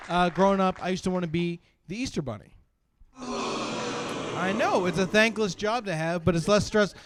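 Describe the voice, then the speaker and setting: Man, stand-up comedian, slightly high voice, rambling delivery, sudden loud outbursts. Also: normal speed, a crowd in the background, noisy background.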